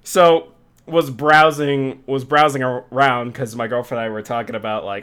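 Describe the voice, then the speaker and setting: A man's voice: medium pitch, steady tone, moderate pace, a bit bright, smooth. A young man hosting a casual chat show, telling a rambling, profanity-laced story with many restarts. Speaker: podcast host.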